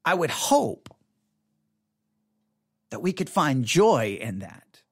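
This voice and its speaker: High-voiced rambling pastor, animated. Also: male voice, slow, breathy edge. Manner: rambling and animated, acting out excited kids in a higher voice. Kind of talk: casual spoken Bible teaching.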